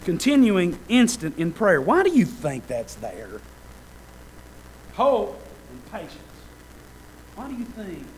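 A high-pitched man preaching to a congregation, swinging between easy, joking asides and loud, fervent climaxes. Faint room noise sits behind him. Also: big pitch swings, takes it slowly, long pauses, rough recording. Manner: fervent, building to loud shouted peaks; conversational, self-deprecating asides with laughter. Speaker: pastor. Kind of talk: sermon.

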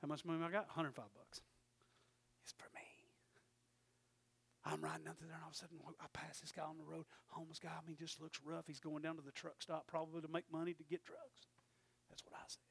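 A man preaching in a high, gravelly voice. He tells a personal story and moves between quiet, close storytelling and loud, emphatic preaching. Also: monotone, quick pace.

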